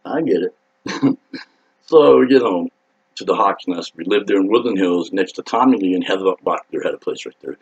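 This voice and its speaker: A man's voice: low-pitched, lively intonation, normal speed, slightly rough. A man in his fifties, a rock singer, telling a rambling, profane anecdote with laughs and acted-out voices. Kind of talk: casual storytelling. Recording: dull lo-fi sound.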